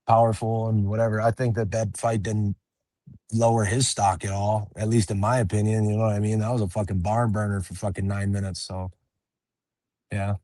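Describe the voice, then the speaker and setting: A man's voice: on the low side, flat delivery, normal speed, dark tone, no room sound, clean studio sound. A young man who fights professionally, chatting casually in an interview, laid-back, swearing freely and laughing often. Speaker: MMA fighter, interview guest.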